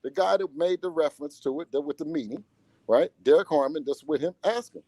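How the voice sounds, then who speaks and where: Boxer's father in an interview: animated, slangy, dark-toned, dry recording. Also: on the high side, a little fast, no room sound. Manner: animated, repeats himself, slangy. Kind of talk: casual interview talk.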